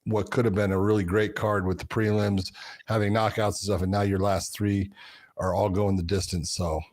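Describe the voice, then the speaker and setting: A man co-hosting a fight podcast, breaking down matchups in a measured, explanatory way and often repeating words as he starts a point. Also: on the low side, level tone, a little mellow, no room sound, clean studio sound. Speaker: podcast co-host, fight analyst. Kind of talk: casual analysis chat.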